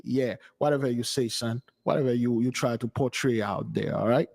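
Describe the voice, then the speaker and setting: A man's voice: mid-range voice, moderate pace, creaky, a little mellow. A man hosting a livestream commentary, talking in an emphatic, preachy way and repeating his points. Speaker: channel host. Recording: long reverb.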